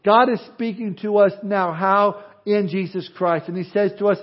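High-voiced man preaching a sermon. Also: a little fast, few pauses, lo-fi sound. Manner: expressive preaching, swings from loud emphasis to quiet asides. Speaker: pastor.

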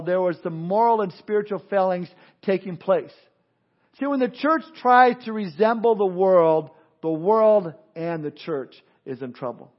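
A man's voice: sits high, lo-fi sound. A man preaching as a pastor, often repeating words and restarting as he goes. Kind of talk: sermon.

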